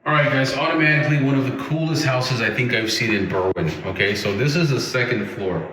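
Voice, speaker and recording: A man's voice: medium pitch, brisk, pushed and bright. A man enthusiastically narrating a walkthrough tour of a house, chatty and often adding "okay?". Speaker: realtor giving a home tour. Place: inside a large empty house, then outdoors on a deck. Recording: echoey empty rooms with faint noise.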